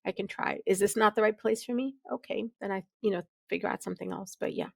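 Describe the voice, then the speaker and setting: A middle-aged woman with a Midwestern American accent talks fast in a medium-pitched, gravelly voice with a darkish, slightly rough tone and no echo. She's a physician leader appearing as a podcast guest in a conversational interview, candid and reflective, laughing easily and restarting her sentences.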